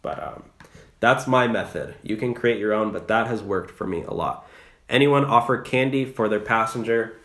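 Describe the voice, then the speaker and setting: A man's voice: lowish voice, animated, normal speed, fairly bright tone, echoey room. A young man giving casual advice about rideshare driving, chatty and loose with many fillers and restarts. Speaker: rideshare driver and channel host.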